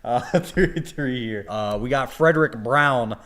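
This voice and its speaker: A man co-hosting a casual podcast, laid-back, who reads out viewer donations and drops into low, mumbled asides. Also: a little slow, a bit bright. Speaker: podcast co-host reading donations. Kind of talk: casual chat.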